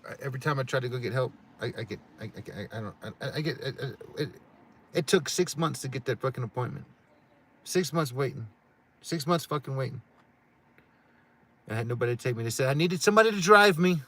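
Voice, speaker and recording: A man's voice: medium pitch, brisk, husky. A middle-aged man in casual chat, swearing often and restarting his sentences again and again. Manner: profane, rambling, many restarts. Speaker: livestream co-host.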